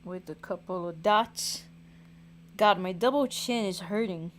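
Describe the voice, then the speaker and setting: A woman's voice: mid-range voice, a little slow, slight background noise. A woman hosting a livestream who thinks aloud in casual chat as she draws, tired, sighing and poking fun at herself. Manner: thinks aloud, self-mocking, sighs. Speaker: livestream host and singer.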